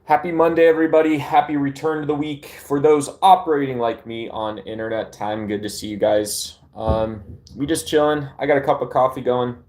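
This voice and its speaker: A man's voice: mid-range voice, a little fast, a little mellow. A man from Arizona hosting a casual livestream chat, laid-back and rambling, with many fillers and restarts, talking into his phone at home. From Arizona, United States. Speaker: livestream host.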